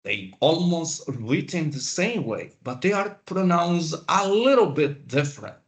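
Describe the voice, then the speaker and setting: A man teaching a class, lecturing in a slow, deliberate way with pauses. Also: on the high side, expressive. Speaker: instructor.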